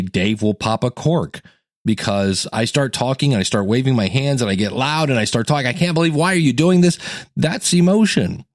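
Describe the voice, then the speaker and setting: Male podcast host and coach, casual teaching monologue, lowish voice, dry studio sound, animated acted-out quotes. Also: no echo. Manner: conversational, acts out quotes with sudden jumps in pitch.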